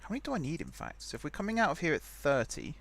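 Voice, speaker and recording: A man's voice: on the high side, wildly swooping pitch, rapid-fire, creaky, fairly bright tone. A young man hosting a game let's play, rambling chattily and thinking aloud as he types. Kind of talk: casual gameplay commentary.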